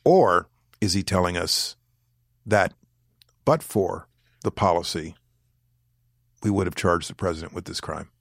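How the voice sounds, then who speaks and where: Man, deep voice, dry close sound; deliberate, careful interview answers. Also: vocal fry, no echo. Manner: deliberate, weighs words, pauses to choose phrasing. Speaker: former government official, interview guest.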